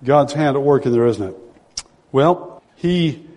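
A man's voice: mid-range voice, expressive, a little slow, a little mellow. A man preaching a sermon, retelling a story with emphasis and often repeating his key phrases. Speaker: pastor. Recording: long hall reverb.

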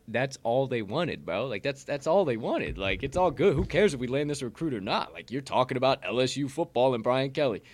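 A man co-hosting a casual sports podcast chat, profane and quick to get loud and worked up. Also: medium pitch, very animated, no room sound. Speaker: podcast co-host.

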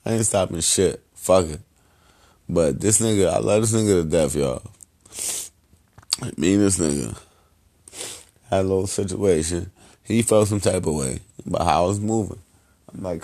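Deep-voiced man rambling shout-outs. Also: normal speed, long pauses. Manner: loose, rambling, heavy slang and profanity. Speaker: podcast host.

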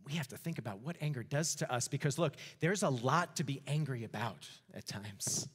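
A man preaching a sermon as pastor, animated, acting out the voices of the story. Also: medium pitch, a little fast, husky. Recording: reverberant hall.

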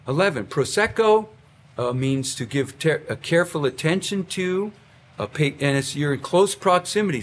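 A pastor teaching a class of pastors in a lively lecture style, with frequent fillers and restarts. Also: male voice, on the high side, a little hiss or hum.

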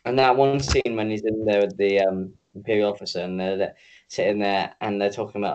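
A man's voice: on the low side, fairly even intonation, fairly quick, darkish tone, lo-fi sound. A man co-hosting a podcast in casual chat, ranting, swearing freely and teasing his co-host.

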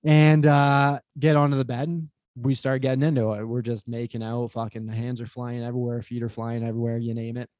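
A man's voice: medium pitch, fairly quick, hardly any pauses, no echo. A young man chats on a podcast with a mid-range voice, recorded dry and close. He tells a crude story in a casual way, with plenty of swearing. He acts out what each person said. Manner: animated, profane, acts out quotes. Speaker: podcast guest.

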